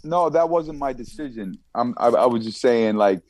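A man's voice: mid-range voice, expressive, moderate pace, crowd noise. A middle-aged man with a Long Island accent, a rapper talking casually in an interview, rambling and restarting often. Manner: laid-back, rambling with many restarts. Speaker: rapper guest.

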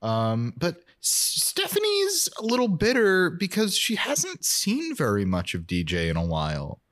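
A man co-hosting a podcast, recapping a TV episode in casual chat and cracking dry, quick jokes. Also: high-pitched, wildly swooping pitch, a bit bright. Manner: dry, joking, riffs with quick asides. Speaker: podcast co-host.

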